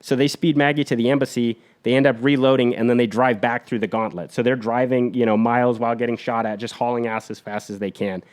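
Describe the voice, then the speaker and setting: A man on a podcast retelling a war story in an energetic, blunt, profane way. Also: mid-range voice, quick pace, few pauses.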